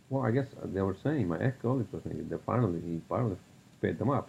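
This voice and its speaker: A man's voice: deep voice, lively intonation, quick pace, vocal fry, a little mellow, breathy edge. A man hosting a solo podcast, ranting with heavy swearing and many fillers. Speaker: podcast host. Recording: dull lo-fi recording.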